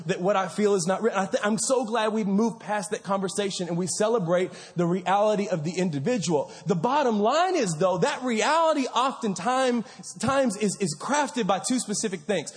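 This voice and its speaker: A man in his thirties gives a casual, storytelling sermon, full of fillers and quick restarts. His voice sits fairly high and a touch husky. It rings out in a large reverberant sanctuary. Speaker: pastor. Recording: reverberant hall.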